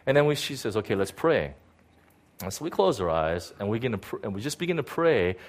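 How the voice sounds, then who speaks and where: A middle-aged pastor tells a personal story from the pulpit in a halting, repetitive way, stumbling over words and leaning on "you know." His voice sits in an ordinary middle pitch for a man. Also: very animated. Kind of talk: personal testimony sermon.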